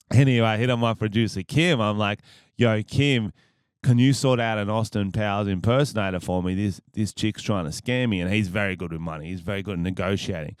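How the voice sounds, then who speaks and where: A man's voice: lowish voice, steady tone, fast talker, hardly any pauses, smooth, no room sound, clean studio sound. A man with an Australian accent hosting a podcast, telling stories casually, profane and rambling, laughing at his own jokes. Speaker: podcast host.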